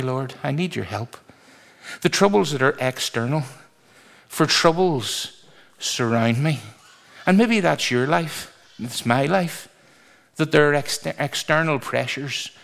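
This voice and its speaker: A man preaching a sermon, reading scripture aloud and speaking in a lively, emphatic way. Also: mid-range voice, creaky.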